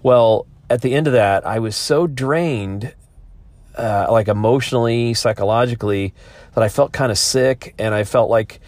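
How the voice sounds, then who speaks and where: A man's voice: medium pitch, moderate pace, a little mellow, no echo. A man hosting a podcast, talking in a rambling, thoughtful way with many restarts. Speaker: podcast host. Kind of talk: casual monologue.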